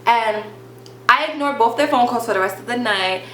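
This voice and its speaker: A young woman telling a storytime vlog in a chatty, animated way, leaning on "like" and bluntly swearing now and then. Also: on the high side, moderate pace. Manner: chatty, animated retelling full of "like" and acted quotes. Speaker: vlogger. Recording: roomy echo with faint hum.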